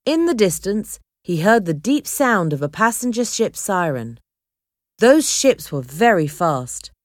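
A woman narrating a chapter of an adventure storybook in a clear, measured reading. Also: mid-range voice, big pitch swings, no echo, clean studio sound. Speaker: audiobook narrator.

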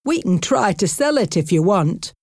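A woman's voice: mid-range voice, sing-song, normal speed, darkish tone, dry recording, studio quality. A woman voicing a blunt, practical husband in an audiobook, plain and matter-of-fact.

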